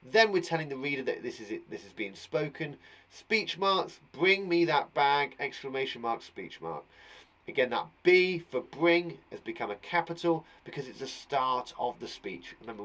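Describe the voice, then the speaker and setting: A man's voice: mid-range voice, animated, moderate pace, fairly bright tone. A man with an English accent teaching an online punctuation lesson to young children in an upbeat, encouraging way, repeating his questions to the pupils. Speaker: primary school teacher.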